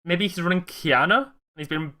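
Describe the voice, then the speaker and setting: A man's voice: high voice, fairly quick, bright, forceful tone. A man co-casting a card game in casual commentary, explaining rules for viewers. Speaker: tournament co-caster.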